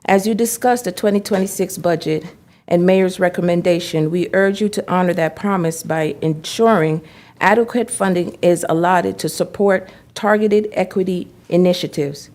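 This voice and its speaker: A woman speaking from the podium at a county commission meeting, her voice low and warm. She advocates in a formal, measured manner, urging the body to keep its commitments. The sound is a meeting chamber picked up by a podium mic. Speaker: public commenter, advocate. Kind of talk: public comment at a budget hearing.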